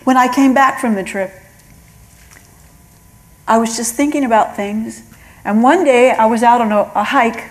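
A woman's voice: a little high, unhurried, long pauses, low-quality recording. A middle-aged woman giving an earnest spoken testimony, telling her story and acting out the voices of God and of callers. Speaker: testimony speaker.

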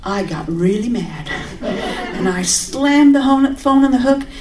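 A woman shares her testimony in a sermon, talking earnestly and conversationally. Her voice sits slightly high and jumps into animated bursts of emphasis. She is picked up from some distance, with a roomy echo around her. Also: unhurried, a little hiss or hum. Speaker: speaker giving a testimony.

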